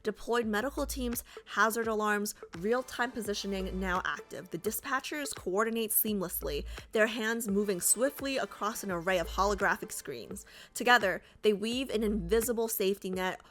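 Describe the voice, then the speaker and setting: A woman's voice: medium pitch, moderate pace, few pauses, fairly bright tone, soft background music. A woman casually reading a game story aloud, breaking off for chatty, joking asides.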